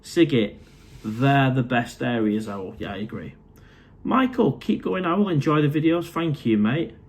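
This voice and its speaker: A man's voice: medium pitch, expressive, a little slow. A middle-aged man with a Mancunian accent chats casually on a live stream from his condo. He reads out and answers viewers' comments in a friendly, matey way, calling people mate as he goes. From Manchester, England. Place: condo indoors.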